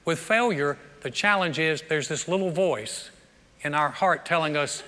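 A male pastor delivers a sermon in a high, bright voice, speaking conversationally and often doubling back to repeat his words. He is recorded in a large church sanctuary, where a long reverb trails after his lines. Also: a little slow. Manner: conversational preaching with frequent word repeats.

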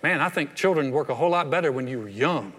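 Older pastor, folksy chatty sermon, bit high voice, long church hall echo. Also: male voice, expressive, fast talker, fairly bright tone. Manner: folksy, conversational preaching with playful asides.

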